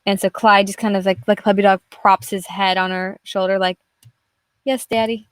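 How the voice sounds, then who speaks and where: Young woman, casual stream chat, rambling and chatty, curses freely, mid pitch, dry close mic. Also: monotone, a little fast, clear, resonant tone, no echo. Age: young adult. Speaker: artist streaming her work.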